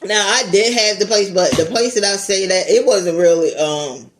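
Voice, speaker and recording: A woman YouTuber telling a casual story time, animated, laughing and swearing as she talks straight to her viewers. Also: mid-range voice, normal speed, a little hiss or hum.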